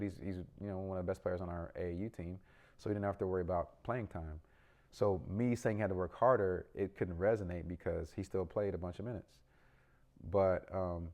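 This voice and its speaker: A man's voice: low voice, a little mellow. A middle-aged man, a parent and youth basketball coach, giving an earnest, rambling update with lots of ums and restarts. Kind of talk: casual vlog update.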